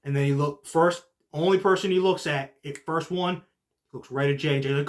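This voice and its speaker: A young man hosts a casual show and recaps wrestling in an excitable, rambling way, full of fillers like "like" and "literally". His voice sits a little high for a man. He drops to low muttering, then jumps to shouting. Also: normal speed. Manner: heavy use of filler like "like" and "literally". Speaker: podcast host.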